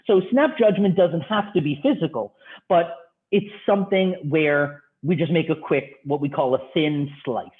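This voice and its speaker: A man lecturing a class in a relaxed, conversational way, tossing out one rhetorical question after another. His voice sits a bit on the high side for a man. The sound comes through thin and tinny, like a phone line. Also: moderate pace. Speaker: university instructor.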